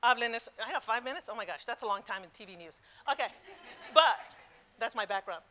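A woman in her sixties speaks at a conference with a bright, forceful voice pitched a little high. She hammers her points through repetition and drops into Spanish phrases mid-sentence. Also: animated, fairly quick, some chatter behind. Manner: emphatic, repetitive, switching between English and Spanish. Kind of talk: passionate live talk. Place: conference room before an audience.

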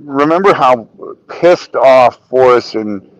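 A man's voice: medium pitch, lively intonation, slow, no echo, dull audio. A man guest on a podcast, telling casual stories about a friend with swearing and laughter. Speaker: podcast guest, reptile keeper. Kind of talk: casual storytelling.

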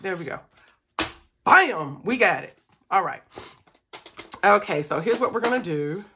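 Brief: young woman, bright and ringing voice, animated budgeting vlogger talking to "y'all". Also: fairly low pitch, unhurried, slight background noise. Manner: chatty, animated, talks to viewers as y'all, counts money aloud. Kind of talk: casual chat to viewers while scratching off savings.

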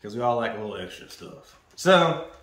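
A man hosting a casual snack-review vlog, his voice swinging up and down with lively, animated pitch. He talks in a loose, playful way and repeats his phrases. The sound is roomy and echoey, like a bare room indoors. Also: normal speed. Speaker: food reviewer. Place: indoors, standing. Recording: roomy echo.

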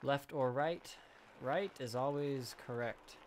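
A man's voice: a little high, very animated, measured pace, long pauses, background noise. A man giving casual let's play commentary, joking, talking to the game and bursting into sudden exclamations.

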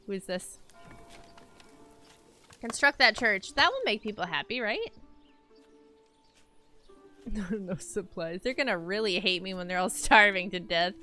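A young woman streaming a game, chatting casually to her viewers, self-mocking and repeating words in quick loops. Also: mid-range voice, expressive, sharp tone, soft background music. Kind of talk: casual gameplay commentary.

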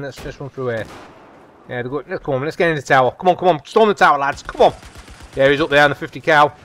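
A man giving chatty, excitable live commentary over a shooter game as a gaming channel host. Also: mid-range voice, a little hiss or hum. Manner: chatty, excitable, repeats come on and whoa. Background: faint game gunfire.

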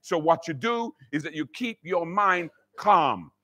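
A man's voice: a little high, expressive, unhurried, bright, forceful tone. A man preaching a sermon as pastor, telling a story and acting out the voices in it, with many repeated words. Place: church.

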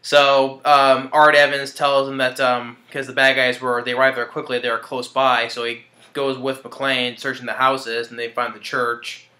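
Man, casual movie review, rambling, halting restarts, clear bright tone, roomy echo. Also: medium pitch, flat delivery. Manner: rambling, hesitant, with many restarts and chuckles.

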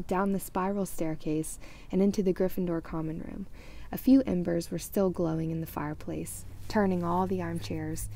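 Female audiobook reader, low gravelly tone, dark and warm, animated voices. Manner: expressive reading, lively character voices. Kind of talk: reading a novel aloud.

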